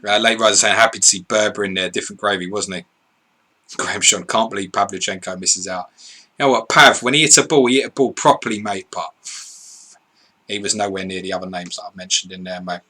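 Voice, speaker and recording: A man's voice: lowish voice, steady tone, fast talker, pushed and bright. A man, co-hosting a live stream, reading viewer questions and answering in blunt, sweary, casual chat. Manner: blunt, sweary, laughs easily.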